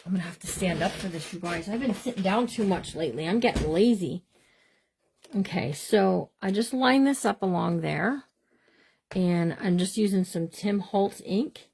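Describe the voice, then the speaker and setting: This craft livestream host, a middle-aged woman, speaks in a creaky, mid-range voice with a darkish tone and a breathy edge. Working from her home craft room, she demonstrates live and chats away to viewers she calls "you guys." Her manner is bubbly, sprinkled with playful invented words.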